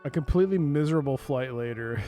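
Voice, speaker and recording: A tired man streams a retro game as casual let's play commentary, sounding drowsy, yawning often and making chatty asides between comments. His medium-pitched voice is fairly quick and dark in tone, with faint music behind it.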